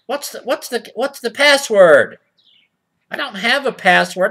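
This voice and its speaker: A man's voice: high-pitched, sing-song, sharp tone. A man doing a mock children's-show comedy reading of old rhymes, sarcastic and mock-innocent, drawling out the quoted lines and asking the boys and girls. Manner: drawls slow over-read quotes. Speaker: comic reader of nursery rhymes.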